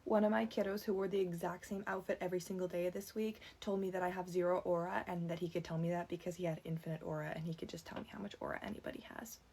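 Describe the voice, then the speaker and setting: A young woman working as a camp counselor tells funny stories in a casual vlog, lively and laughing between anecdotes. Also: fast talker, breathy edge. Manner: animated, jumps high when quoting others.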